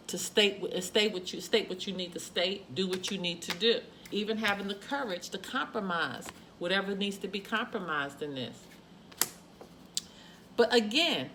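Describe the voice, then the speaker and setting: A woman's voice: medium pitch, a bit bright, slight background noise. A woman reading tarot cards for her viewers, emphatic and repetitive, with frequent exclamations. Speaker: tarot reader. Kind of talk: spoken tarot card reading.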